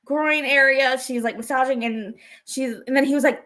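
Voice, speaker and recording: A woman with a high voice talks through a recap, bouncing between narration and little acted-out lines. The chat is casual and animated. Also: normal speed, hardly any pauses. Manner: animated retelling, acting out lines. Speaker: podcast co-host.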